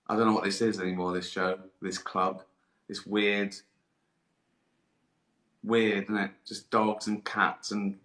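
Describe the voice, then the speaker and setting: A man riffing through a rambling comic monologue, breaking into giggles and swearing between deadpan asides. His voice is bright and forceful, and he sounds hot and tired. The room around him rings with echo. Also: lowish voice. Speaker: comedian hosting a live stream. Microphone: live-stream camera mic. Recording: roomy echo.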